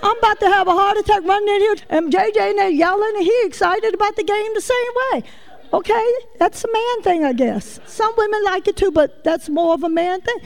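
A woman's voice: very high voice, moderate pace, gravelly. A woman preacher giving a sermon, telling folksy stories and calling out directly to her congregation. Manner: lively folksy storytelling, addresses the congregation directly.

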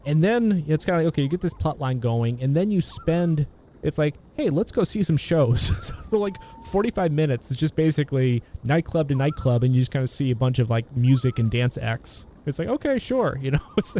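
Mellow-voiced man, rambling film talk. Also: a little high, lively intonation, slight background noise. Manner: meandering, halting, many restarts. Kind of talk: casual film discussion.

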